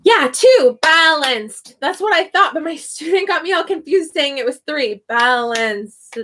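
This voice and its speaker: A woman's voice: high voice, animated, unhurried, few pauses, bright, forceful tone. A young woman, an online English teacher, chatting casually on a livestream and thinking aloud with frequent laughs.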